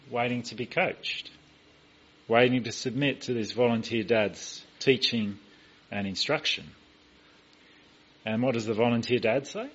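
A man preaches a sermon in a husky, slightly breathy voice. He tells stories with emphasis and acts out quoted lines. The recording sounds dull and lo-fi. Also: medium pitch, a bit bright. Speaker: pastor.

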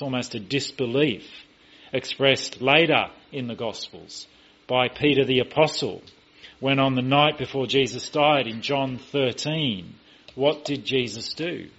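A man preaches a sermon in a husky, slightly breathy voice. He tells stories with emphasis and acts out quoted lines. The recording sounds dull and lo-fi. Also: mid-range voice, a bit bright. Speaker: pastor.

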